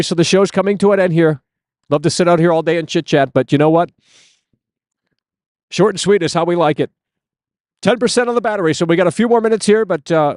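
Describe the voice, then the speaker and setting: A man's voice: fairly high pitch, darkish tone, no room sound, clean studio sound. Ranting man streaming live outdoors. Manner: ranting, profane, reading chat aloud. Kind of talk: casual live stream chat.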